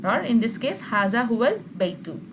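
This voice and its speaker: A woman's voice: fairly high pitch, very animated, moderate pace, very noisy. A woman teaching an online grammar class, explaining patiently and often checking with her students. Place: video call.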